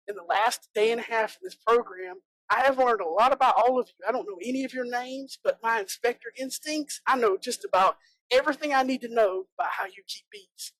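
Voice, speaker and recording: A woman's voice: on the high side, vocal fry, no room sound, rough recording. A woman from South Georgia with a Southern American accent, giving a chatty, joking conference talk as a bee inspector. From South Georgia, USA. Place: conference room.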